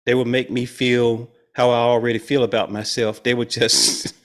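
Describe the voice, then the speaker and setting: Gravelly man leading a spiritual study group. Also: medium pitch, moderate pace. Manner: chuckles often, animated and playful. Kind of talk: conversational spiritual teaching.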